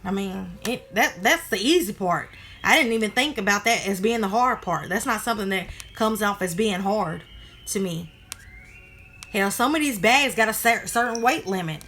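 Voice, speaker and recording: A vlogger with a mid-range voice gives casual commentary to camera, expressive and moderately paced, with a slightly bright tone and faint music behind. She's blunt and irritated, swearing freely as she points things out. She addresses viewers directly as "y'all."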